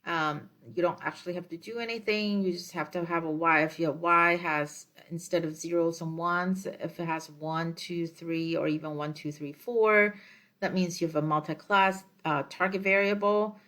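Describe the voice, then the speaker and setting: A woman lecturer explaining her slides in a measured way, with frequent ums and uhs as she works through each step. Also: on the low side, fairly bright tone.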